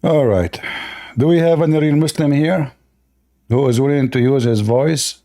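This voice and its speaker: A man's voice: a little high, moderate pace, mellow. A male host, giving mocking, sarcastic debate commentary with lots of repetition. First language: Arabic.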